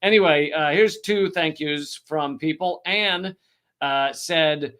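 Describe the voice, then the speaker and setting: A sarcastic man cohosting a loose comedy livestream. He swears freely and leans into deadpan jokes. His voice sits a touch high and comes out bright and forceful. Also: slow. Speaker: comedian and show host. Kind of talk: casual livestream chat, comedic.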